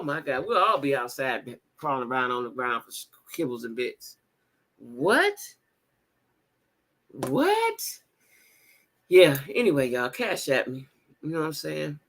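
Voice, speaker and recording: A woman hosting a casual livestream chat, talking to her viewers in a blunt, animated and profane way, with repeated exclamations. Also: low voice. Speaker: livestream host reading viewer comments.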